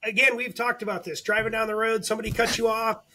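A man's voice: high voice, level tone, quick pace, pushed and bright, slight background noise. An older man co-hosting a podcast, giving frank advice in casual chat and calling his co-host out. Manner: coaching, calls the other host out.

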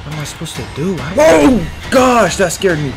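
A young man giving panicky let's-play commentary on a horror game, yelping and shouting when scared. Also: high voice, very animated, moderate pace, creaky. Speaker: gaming streamer. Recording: game music playing loudly behind.

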